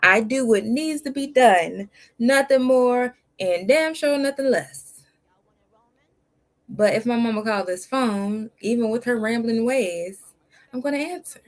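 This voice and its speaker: A woman's voice: fairly high pitch, unhurried. A woman hosting a reaction video, talking bluntly and emphatically. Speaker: reaction channel host. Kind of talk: casual commentary.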